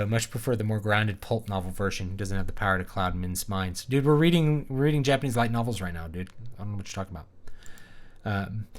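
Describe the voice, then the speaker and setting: A man's voice: mid-range voice, fairly bright tone. A man reading a novel aloud on a livestream, mixing in wry, casual asides. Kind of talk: casual live reading with chat banter.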